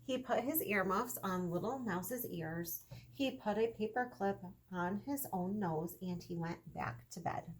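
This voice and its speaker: A young adult woman, a kindergarten teacher, reading a children's story aloud in a gentle, expressive way that speaks to young listeners. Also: mid-range voice, a little slow, hardly any pauses, slight background noise.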